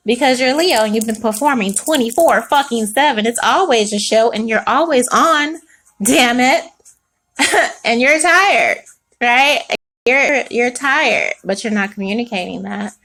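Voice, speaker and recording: Woman tarot reader, higher voice, loose and profane, animated delivery. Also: unhurried. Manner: chatty, profane and animated, with frequent laughs. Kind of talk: casual spoken tarot reading.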